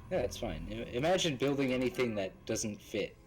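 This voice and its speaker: A man's voice: mid-range voice, lively intonation, brisk, poor audio. A man chatting and joking in casual gaming banter with friends over voice chat. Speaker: gamer on stream.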